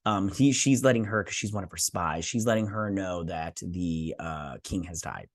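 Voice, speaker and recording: A man's voice: sits low, normal speed, no echo, studio quality. A man hosting a TV review channel, talking casually to his viewers with lots of fillers and self-corrections. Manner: chatty, addresses viewers directly. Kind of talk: casual spoken episode review.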